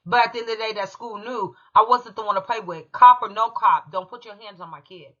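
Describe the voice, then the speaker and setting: A woman's voice: a little high, a little fast, pushed and bright, highs cut off. A woman from California, a channel host telling a heated personal story in an emphatic, profane way. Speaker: true crime commentary channel host.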